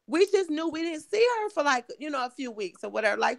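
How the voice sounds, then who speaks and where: A middle-aged woman from Michigan, hoarse and emotional, telling her story in an interview with halting, restarting speech. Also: high-pitched, sing-song, no echo. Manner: halting, repeats words, restarts often. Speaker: guest, mother of missing woman.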